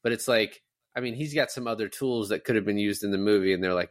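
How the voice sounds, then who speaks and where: A man co-hosting a podcast who talks quickly and argues his point in casual movie chat, trailing off with filler words. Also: lowish voice. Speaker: podcast co-host.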